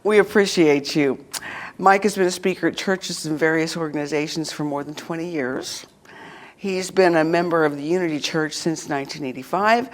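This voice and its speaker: A woman leading a church service, reading scripture and introducing the speaker in a measured way. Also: deep voice. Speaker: service leader. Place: church sanctuary.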